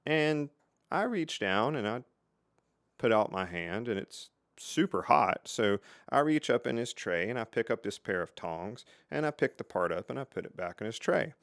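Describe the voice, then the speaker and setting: A middle-aged man hosting his own channel, telling stories from his engineering career in a casual, lively way. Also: on the low side, no room sound, studio quality. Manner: lively, animated storyteller with dramatic pauses. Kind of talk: casual storytelling to camera.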